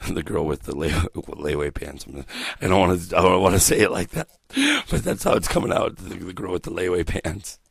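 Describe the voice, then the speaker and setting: A middle-aged man hosts a morning radio show in a low, heavily gravelly voice with a husky edge. He rambles through stories, swearing constantly and chuckling at his own jokes. He speaks close to a studio mic in a dry, dead room. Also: fairly even intonation, moderate pace, dry recording. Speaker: radio host. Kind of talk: profane casual morning radio banter. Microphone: studio microphone.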